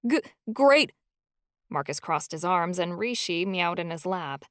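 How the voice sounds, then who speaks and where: A woman narrates a first-person audiobook in a storytelling delivery. Her voice sits a little low. The recording is dry and close, with no room sound. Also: steady tone, moderate pace, fairly bright tone, clear, resonant tone, no room sound.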